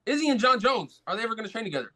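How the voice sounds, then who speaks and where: Joking podcast guest. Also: male voice, very high-pitched, very animated, rapid-fire, sharp tone. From USA. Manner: joking, hesitant, says bro. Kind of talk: casual sports chat.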